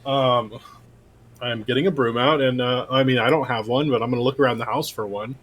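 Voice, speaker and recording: A man's voice: medium pitch, fairly even intonation, fairly quick, fairly bright tone. A man playing in a tabletop game, talking casually and rambling through his plans. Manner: rambling, chatty, laughs easily. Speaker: player.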